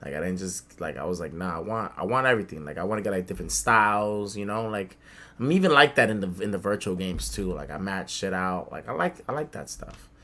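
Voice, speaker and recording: A young man from the Bronx spins a childhood story on a casual podcast. His voice is low and bright, and he talks with lively, loose energy, swearing and playing out each quote. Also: brisk. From the Bronx, New York. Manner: animated, swears a lot, acts out quotes. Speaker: podcast co-host. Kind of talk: casual storytelling among friends.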